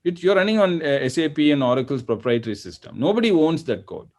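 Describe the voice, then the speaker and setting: A man from India speaking as a software executive on an online panel, explaining points with many fillers and tag questions. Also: a little high, big pitch swings, quick pace. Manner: explains with frequent "right?" and fillers. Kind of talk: panel discussion. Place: video call.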